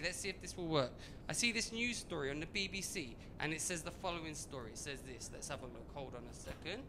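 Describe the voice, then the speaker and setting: A man doing a stand-up comedy routine on a club stage, animated, swinging from muttering to shouting. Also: high-pitched, slight background noise.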